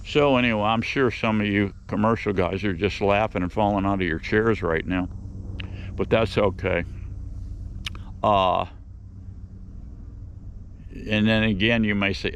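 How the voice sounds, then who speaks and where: A man's voice: on the low side, fairly even intonation, measured pace, pauses often, slight background noise. A man hosting his own beekeeping channel, talking casually outdoors in a rambling, folksy way that circles back and repeats phrases. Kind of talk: casual outdoor vlog monologue.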